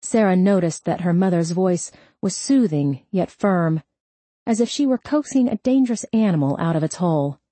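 A woman narrates a novel in a steady, even read. Her voice sits low, dark and mellow, with a husky edge. The sound is close and dry. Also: moderate pace, no echo. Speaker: audiobook narrator. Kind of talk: scripted narration.

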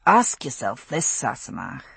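A woman's voice: rumbling low, very animated, a little slow, creaky, slightly rough, no echo, pitched below the performer's own voice, heavily acted. A woman doing a sleepy, teasing Scottish man. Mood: wry, thoughtful. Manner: drowsy, wry, gently teasing.

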